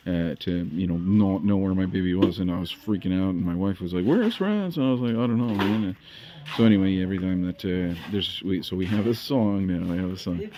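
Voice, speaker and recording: A man's voice: deep voice, fairly even intonation, brisk, few pauses, background noise. A man chatting casually as a vlogger, rambling and hesitant, with many fillers and repeated words.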